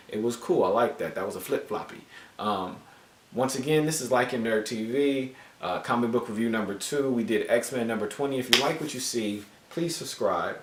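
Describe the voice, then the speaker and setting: A man casually reviewing a comic book, animated and joking with frequent swearing. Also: medium pitch, moderate pace, distant mic. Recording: roomy echo, voice off-mic.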